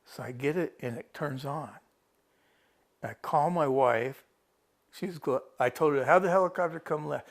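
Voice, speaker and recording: Speaking at a measured pace in a slightly high voice, a rescued hiker recounts to a TV reporter how he got lost on the trail. His casual first-person telling wanders, full of restarted sentences and quotes of his own thoughts.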